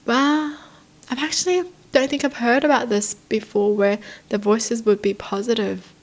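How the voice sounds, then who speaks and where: This is a young woman chatting casually as she reacts on her own channel. She sounds curious and easily excited, and piles up questions one after another. Her talk is full of "like" and loose, chatty asides. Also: mid-range voice. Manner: excitable and curious, heavy use of "like", rapid questions. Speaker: vlogger reacting to read-out stories.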